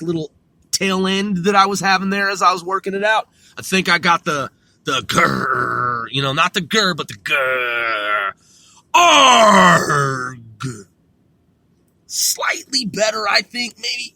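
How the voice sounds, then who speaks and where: A man's voice: high voice, pushed and bright, no room sound. A man hosting a podcast in a casual, rambling monologue, laid-back and profane, chuckling often. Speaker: podcast host.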